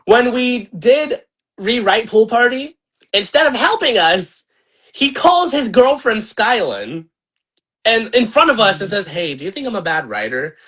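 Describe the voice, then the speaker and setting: A young man venting in a casual livestream rant, animated, profane and rambling with lots of fillers. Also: high-pitched, a little slow, slightly rough. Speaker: channel host and filmmaker.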